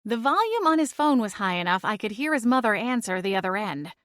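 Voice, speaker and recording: Woman reading an audiobook, steady and even, super dry close sound. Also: medium pitch, fairly quick, dry recording. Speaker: audiobook narrator. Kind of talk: first-person audiobook narration.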